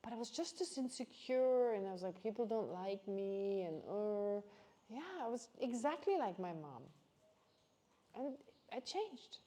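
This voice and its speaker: A woman's voice: medium pitch, a little slow. A woman Buddhist teacher giving a casual, chatty teaching talk, telling stories and quoting voices. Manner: chatty, animated storytelling with quoted voices. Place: teaching hall at a nunnery.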